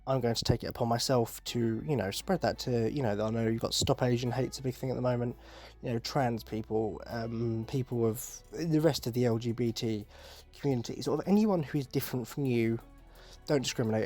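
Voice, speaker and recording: A man's voice: mid-range voice, darkish tone. Rambling young man podcasting. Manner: rambling, self-interrupting, joking asides. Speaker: podcast host. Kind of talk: casual solo podcast talk.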